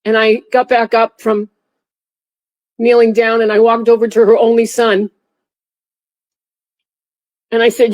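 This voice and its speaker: Halting middle-aged woman recounting grief. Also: a little high, little pitch movement, a little mellow, low-quality recording. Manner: halting, many restarts and fillers. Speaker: interview guest, former TSA officer. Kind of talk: emotional personal recollection.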